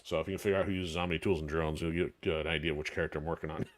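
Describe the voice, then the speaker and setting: Low-voiced man chatting on a stream. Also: steady tone, very fast. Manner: rambling, self-correcting, frequent fillers. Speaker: streamer host. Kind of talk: casual stream chat.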